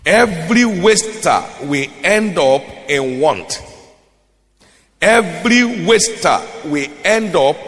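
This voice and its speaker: A man's voice: on the high side, lively intonation, slow pace, a bit bright. A man with a Nigerian accent preaching a sermon, reading scripture in a half-sung cadence and repeating key phrases for emphasis. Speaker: pastor. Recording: long hall reverb.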